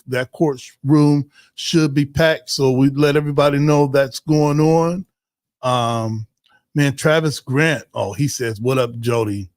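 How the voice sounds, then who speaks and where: A man's voice: on the high side, no echo, studio quality. A man hosting a community livestream in a casual, joking way, reading out viewer comments with lots of fillers and restarts. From Ohio.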